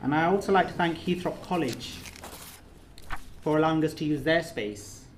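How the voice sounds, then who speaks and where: A man's voice: on the high side, normal speed, slight background noise. Earnest man speaking in an echoey room. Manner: earnest, repetitive, emphatic. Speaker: course trainer giving a speech. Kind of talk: emotional closing speech. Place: reception room in a residence. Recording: echoey room, faint ambience.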